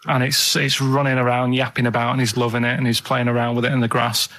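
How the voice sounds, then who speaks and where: A man's voice: medium pitch, flat delivery, fast, a bit bright. Plodding Northern English man. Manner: plodding, matter-of-fact. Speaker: radio show regular. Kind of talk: casual storytelling. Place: radio studio.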